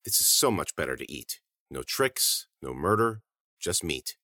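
A man's voice: a bass voice, sing-song, unhurried, pushed and bright, no echo, studio quality, heavily acted. A man voicing an awkward, flustered teenage boy who stammers when caught out. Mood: assured.

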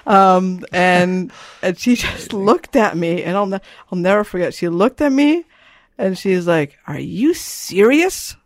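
A woman's voice: lowish voice, a little slow, dry recording. A middle-aged woman, an author and parent, talking casually in an interview with a rambling manner that keeps checking in with "you know" and "right?".

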